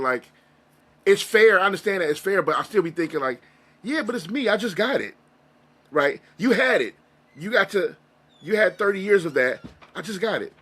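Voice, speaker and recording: A man's voice: on the high side, fairly bright tone. A man being interviewed, telling a personal story in an earnest, rambling, emotional way with frequent restarts. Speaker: interview guest, music reaction creator. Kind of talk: casual interview conversation.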